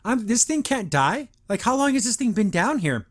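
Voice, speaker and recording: A male podcast host giving a casual, chatty cartoon review with a high-pitched voice. He laughs often and slips into the characters' lines as he retells the scenes. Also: very animated, moderate pace, a bit bright.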